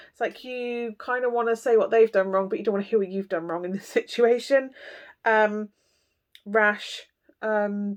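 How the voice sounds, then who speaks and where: A woman with a mid-range voice gives her viewers a casual tarot reading, speaking directly to them. She's blunt and chatty, peppering her talk with fillers and asides.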